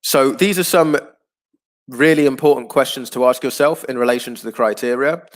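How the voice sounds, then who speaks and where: A man teaches an online class, explaining things patiently and clearly at a normal speed. His pitch sits in the middle, and he fills his speech with frequent ums and uhs.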